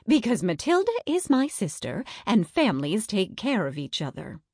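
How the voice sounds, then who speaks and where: A woman's voice: mid-range voice, huge pitch swings, normal speed, a little mellow, slightly rough, dry recording, studio quality, voice pushed up. A woman voicing a stern but caring grandmother laying down the rules to her grandson in a storybook reading. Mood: firm. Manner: firm, lecturing.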